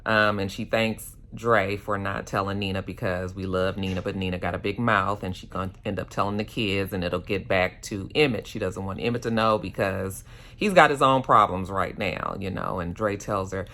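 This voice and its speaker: A woman's voice: a bass voice, steady tone, moderate pace, fairly bright tone, a little hiss or hum. Chatty woman recapping a TV episode. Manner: chatty, slangy, acts out characters' lines. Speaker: TV episode reviewer. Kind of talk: casual recap and commentary. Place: hotel room. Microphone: handheld phone.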